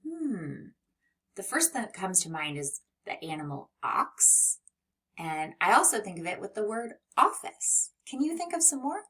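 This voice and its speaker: A woman teaching a children's phonics lesson, gentle and encouraging, who sounds out and stretches letter sounds. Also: medium pitch, sing-song, moderate pace, recorded from a distance.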